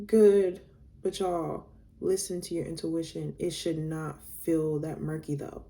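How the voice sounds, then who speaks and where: A woman's voice: low voice, flat delivery, measured pace, warm tone. A young woman casually telling a storytime to her viewers, reading out text messages, candid and blunt, swearing freely.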